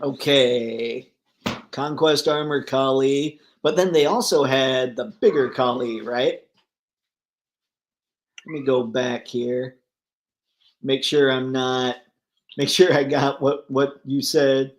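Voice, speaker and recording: A man hosting a casual livestream, reading viewer comments aloud and riffing on them, thinking out loud as he browses online listings. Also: mid-range voice, steady tone, slow pace, pauses often. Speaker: livestream host. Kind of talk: casual live chat.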